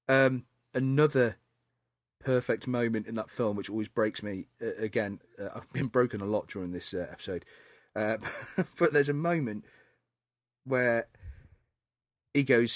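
A man co-hosting a podcast, chatting casually about films, laughing often and animated. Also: mid-range voice, slow pace, pauses often, no echo, clean studio sound. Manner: animated, laughs often, acts out film scenes. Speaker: podcast co-host. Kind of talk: casual film chat.

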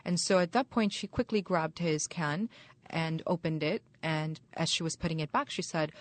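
Female chaplain, low voice, measured and polite while telling what happened to her. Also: dry recording. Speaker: university chaplain. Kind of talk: recounting a personal experience.

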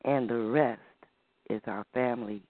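A man voicing a proud old grandmother who tells the children family history in a slow storytelling way, heard over a tinny phone-like line. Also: mid-range voice, steady tone, dry recording, pitched below the performer's own voice, lightly acted. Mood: fond, proud.

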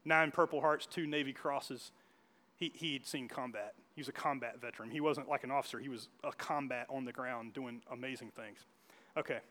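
A man's voice: medium pitch, brisk, sharp tone. A man preaching a sermon as pastor, telling stories in a church with frequent restarts and asides. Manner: storytelling with many restarts and asides. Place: church hall.

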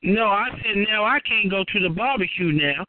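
A man's voice: sits high, expressive, moderate pace, dry recording. A man calling in to a talk show, teasing and complaining in a drawling way. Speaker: caller. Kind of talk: casual call-in banter. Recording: tinny phone line.

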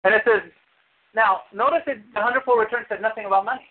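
A man preaching a sermon as pastor, animated, with sudden high exclamations. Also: fast talker. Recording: tinny phone-like sound.

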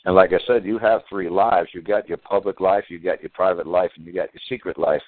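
This older man's deep, steady voice moves fairly quickly as he hosts casual talk radio. He speaks in a plain, blunt, repetitive, folksy way, and the audio has no room sound but a tinny phone-line quality.

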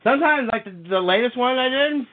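A man hosting a show, swearing and laughing as he chats and reads his own dark poetry. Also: very high-pitched, lively intonation, a little fast. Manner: profane, laughing, rambling. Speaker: podcast host and poet. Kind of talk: casual chat and poetry reading. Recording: tinny phone-like sound.

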